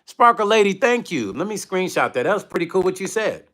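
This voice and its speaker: Blunt, bright-voiced man on a livestream. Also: sits high, brisk. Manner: blunt, animated storytelling, reads viewer comments aloud. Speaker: livestream host and musician. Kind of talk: candid livestream chat.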